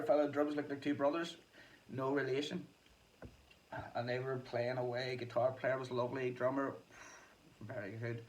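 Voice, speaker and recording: A man with a medium-pitched, somewhat dark voice rambles casually, swearing plenty, laughing often, and letting thoughts trail off unfinished. The mic is distant, with faint ambient noise in the background.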